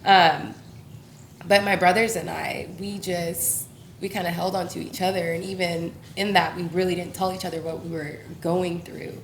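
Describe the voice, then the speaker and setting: A woman's voice: on the low side, little pitch movement, moderate pace, a little hiss or hum. A young woman speaking as an interview guest, open and reflective, with easy laughs and plenty of fillers. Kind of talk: candid personal conversation. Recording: roomy echo.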